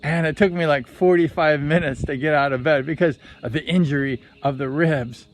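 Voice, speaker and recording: A man's voice: a little high, fairly even intonation, normal speed. A man and former motorcycle racer telling a story in a rambling, conversational way, sometimes correcting himself. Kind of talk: casual storytelling vlog.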